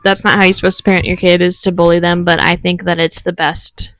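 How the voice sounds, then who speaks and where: A woman's voice: on the low side, level tone, fast, fairly bright tone, no room sound, low-quality recording. A young woman co-hosting a casual podcast, telling stories with lots of laughter and acted-out quotes. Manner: giggly, storytelling with acted quotes. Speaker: podcast co-host. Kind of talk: casual chat.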